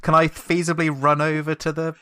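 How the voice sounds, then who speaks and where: A man's voice: on the high side, flat delivery, brisk, noisy background. A man, a player in a tabletop game, joking and laughing. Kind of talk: casual tabletop game chat.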